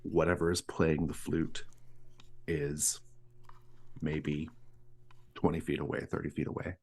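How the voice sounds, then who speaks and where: A man narrating a tabletop horror game as game master, describing scenes in a measured way. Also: extremely low pitch, level tone, a little mellow, a little hiss or hum.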